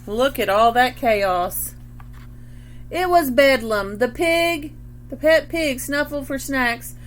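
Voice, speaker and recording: A woman's voice: high voice, slow pace, slight background noise. Woman reading a picture book aloud. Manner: expressive, stops to ask questions and point at pictures. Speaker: read-aloud reader.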